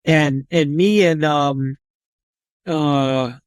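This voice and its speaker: Man, trauma surgeon guest, slightly high voice, dry close sound, blunt and profane storytelling. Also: very slow, clear, resonant tone, dry recording. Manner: blunt and profane, with frequent restarts. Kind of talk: casual spoken storytelling.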